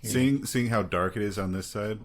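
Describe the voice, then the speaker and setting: A man's voice: lowish voice, moderate pace. A man playing a tabletop game, asking plain practical questions. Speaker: player. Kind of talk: casual tabletop game chat.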